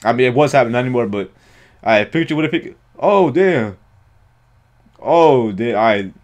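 A man talks over a show as he watches it live, in a mid-range voice. His commentary is excitable and full of slang and profanity, with constant outbursts of surprise. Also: medium pitch, rapid-fire. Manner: excitable, slangy, swears often, frequent exclamations. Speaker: reaction video host.

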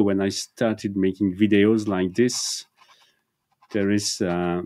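A man's voice: low-pitched, dark tone. A man with a French accent chatting casually on a live painting stream, hesitant, with many fillers and restarts. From France. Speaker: painting demonstrator. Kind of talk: casual bilingual live chat.

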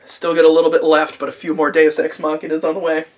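A man's voice: on the high side, completely flat delivery, fast talker. A man recapping an anime episode in a casual video review, sarcastic and profane, laughing often, recorded on a camera mic.

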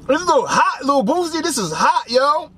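A young man hosting a casual snack taste-test vlog, animated and joking, with lots of slang. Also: very high voice, brisk, slight background noise. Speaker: snack reviewer.

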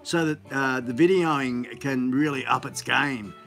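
A man's voice: mid-range voice, measured pace, fairly bright tone, faint music behind. A man hosts a casual live stream, rambling in an upbeat, chatty way with many fillers, recorded on a phone on a gimbal.

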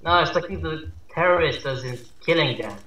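A man's voice: a little high, lively intonation, a little fast, pushed and bright. A young man joking dryly with a friend while they play a game. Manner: dry, joking banter. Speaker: gamer. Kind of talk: casual gameplay commentary. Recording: echoey room.

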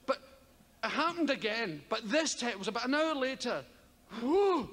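Older Scottish comedian with high, lively voice. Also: male voice, fairly quick. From Scotland. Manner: rambling, profane, frequent laughs. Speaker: stand-up comedian. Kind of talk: stand-up comedy. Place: large theatre stage. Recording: live theatre, long reverb, audience noise.

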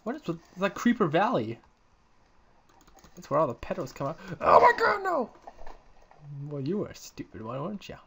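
A man's voice: a little high, big pitch swings, fairly quick, pauses often, noisy background. A young man giving casual, crude, joking commentary while playing a game, talking to the creatures on screen. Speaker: gamer uploading let's-play videos.

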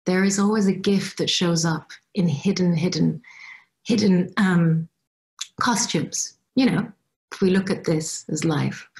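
A woman's voice: lowish voice, unhurried, gravelly, darkish tone. A woman giving a personal storytelling talk as a guest speaker, reflective and acting out her past reactions. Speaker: guest speaker at a youth summit.

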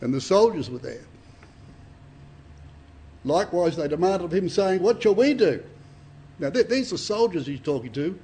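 A man's voice: high-pitched, animated, normal speed, pauses often, mellow, breathy edge. A man preaching a Bible study to a congregation, reading scripture dramatically and asking rhetorical questions.

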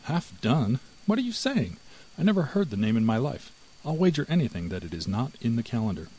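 A man's voice: very animated, fast, warm tone, breathy edge, rough recording. A man voicing a timid, fretful female house mouse in a storybook reading. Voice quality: high and anxious.

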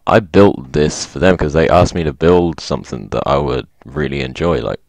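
Brief: male game commentator with a very low voice, upbeat, reads signs aloud, dry close sound. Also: sing-song, moderate pace, gravelly, dry recording. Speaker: gaming video host. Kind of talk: casual gameplay commentary.

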